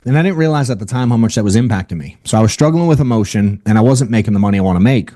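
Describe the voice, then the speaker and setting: A man's voice: on the low side, rapid-fire. Blunt, casual male sales trainer. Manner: energetic and blunt, peppers speech with "dude" and "right?". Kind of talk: casual motivational training talk.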